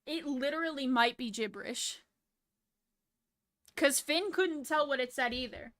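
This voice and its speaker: A woman's voice: high voice, measured pace, a bit bright. A woman streamer chatting casually with her viewers, laid-back and swearing freely. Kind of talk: casual livestream chat.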